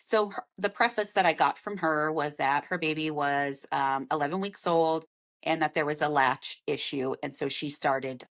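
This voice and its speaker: A woman's voice: sits low, normal speed, a bit bright. A woman lactation consultant hosting a podcast, talking in an earnest, emphatic way and repeating her key phrases. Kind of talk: casual podcast monologue.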